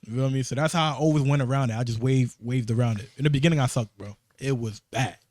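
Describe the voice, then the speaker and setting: This podcast co-host, a man with a New York accent, rattles off work stories quickly and emphatically on a casual show, repeatedly starting his sentences over. His medium-pitched voice has a darkish tone, and the podcast studio recording is clean with no echo.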